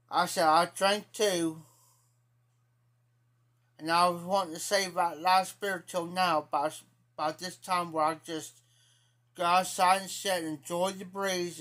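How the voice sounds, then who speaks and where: High-voiced rambling Ohio man. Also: a bit bright. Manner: rambling, profane, repeats himself. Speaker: live streamer. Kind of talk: casual storytelling to live chat.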